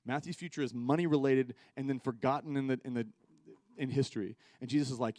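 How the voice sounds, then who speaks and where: A young male youth pastor gives a casual sermon in a mid-pitched voice. He slips into the voices of the people he quotes and builds his energy as he goes. The sound is dry and close, with little room echo. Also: quick pace. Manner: conversational preaching, acts out quoted voices with rising excitement. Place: church worship service.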